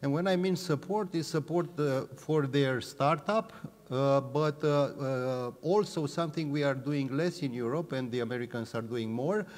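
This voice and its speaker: Expert guest: mid-pitched man, halting and filler-heavy, hall echo. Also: darkish tone. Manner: hesitant, many uh fillers and restarts. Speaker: panel guest, policy expert. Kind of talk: panel answer. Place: large hall or hangar. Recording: long hall reverb.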